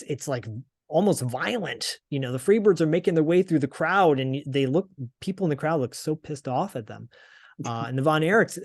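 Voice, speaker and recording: A man's voice: a little high, darkish tone, no room sound. A man hosting a podcast, casually recapping with frequent fillers and restarts. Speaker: podcast host. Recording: dry close podcast sound.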